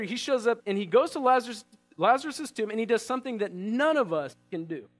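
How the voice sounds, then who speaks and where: Guy preaching a sermon, chatty, asks the crowd questions, voice goes all over. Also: very high voice. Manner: animated, conversational preaching with rhetorical questions. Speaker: pastor.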